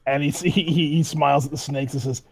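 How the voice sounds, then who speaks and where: A man playing a tabletop game, animated and laughing as he describes his character. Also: mid-range voice, fast talker, vocal fry, husky. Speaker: player. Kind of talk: casual tabletop play.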